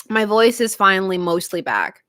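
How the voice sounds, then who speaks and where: A young woman talks casually to her live-stream audience, laughing often and bouncing between topics. Her voice sits at an average pitch. The sound is dry, with no room around it. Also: dry recording. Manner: giggly, animated, chatty. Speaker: streamer chatting with viewers.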